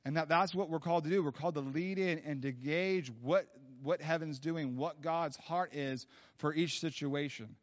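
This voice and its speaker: A man preaching at a church, telling stories in a casual, animated way with many fillers. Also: fairly high pitch, normal speed. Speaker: guest preacher. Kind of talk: storytelling sermon. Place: church hall. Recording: dull lo-fi sound.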